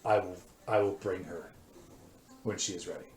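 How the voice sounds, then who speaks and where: A man with a lowish voice narrates a tabletop game as its game master. He pauses often and fills gaps as he describes the scene. The room gives his voice a noticeable echo. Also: steady tone, darkish tone, a little hiss or hum. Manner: halting, full of fillers. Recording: roomy echo.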